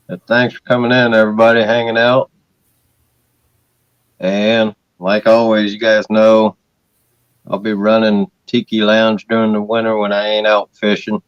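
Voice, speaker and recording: Easygoing male host, slightly low voice, relaxed casual talk, muffled dry sound. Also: smooth, dry recording. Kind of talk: casual chat. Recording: dull, lo-fi and dry.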